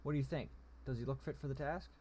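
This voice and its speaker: A man's voice: medium pitch, quick pace, mellow, a little hiss or hum, close to an everyday voice. A man voicing a sly, mocking male goblin general who speaks in smug, pompous phrases. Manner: smug, teasing, pompous wording.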